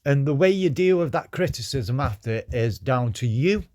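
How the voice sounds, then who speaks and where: A man's voice: mid-range voice, expressive, moderate pace, a little mellow. A man on a live stream earnestly and repetitively giving his opinion.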